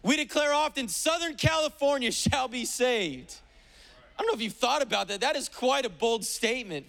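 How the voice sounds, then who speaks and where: A man's voice: sits high, a bit bright. A man pastor delivering a sermon at a church service, emphatic and declarative, with repeated exhortations. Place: church sanctuary during a service.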